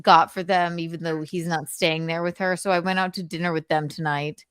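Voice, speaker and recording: A woman's voice: on the low side, flat delivery, fairly quick, clear, resonant tone, dry recording, studio quality. A young adult woman hosting a casual livestream chat, gushing and telling stories. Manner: gushing, chatty storyteller. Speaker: livestream host.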